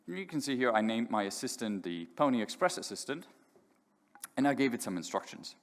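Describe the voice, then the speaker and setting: A man giving a live technical demo at a conference, talking casually with fillers and restarts. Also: fairly low pitch. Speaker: conference speaker. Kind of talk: live tech demo talk. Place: large conference hall. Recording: echoey hall reverb.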